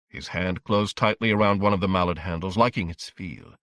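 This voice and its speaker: A man reading a horror audiobook in a measured, dramatic storytelling manner. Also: sits low, a bit bright, dry recording, studio quality. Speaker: audiobook narrator. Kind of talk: scripted audiobook narration.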